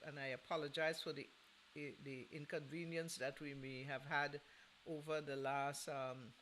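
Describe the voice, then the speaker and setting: A middle-aged man hosts a holiday music show, his voice pitched a little high and bright, with a forward, ringing edge. He chats easily and teases his listeners in a playful way. A faint hiss sits under the voice. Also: flat delivery, unhurried, poor audio. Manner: chatty and playful, teasing listeners with laughs. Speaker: radio show host. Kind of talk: casual chat between records.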